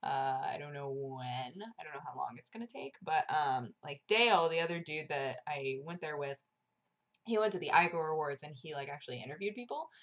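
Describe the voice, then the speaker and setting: A woman's voice: deep voice, expressive, fairly quick. A young woman vlogging in casual, bubbly chat, gushing with lots of "like", coughing through a sore throat. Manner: bubbly, gushing, heavy use of "like".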